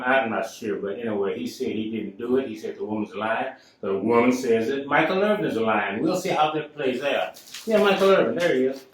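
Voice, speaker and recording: A man hosting his own talk show, telling a story casually with emphatic turns. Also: medium pitch. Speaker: show host. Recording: echoey room, mic at a distance.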